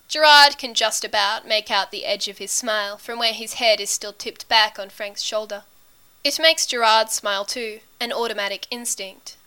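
A woman narrating a story as an audiobook reader, in a steady, intimate storytelling manner. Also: fairly high pitch, clear, resonant tone.

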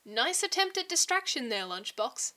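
A woman voicing an excitable young man who teases and wheedles his friends. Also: sits high, moderate pace, voice pushed up, heavily acted. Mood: playful. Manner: eager, teasing, wheedling.

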